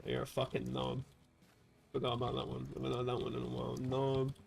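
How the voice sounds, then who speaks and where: A man's voice: medium pitch, monotone, fairly quick, gravelly, a little mellow. A man from England, chatting casually and profanely on a livestream while reading chat aloud. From southern England. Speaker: livestream host.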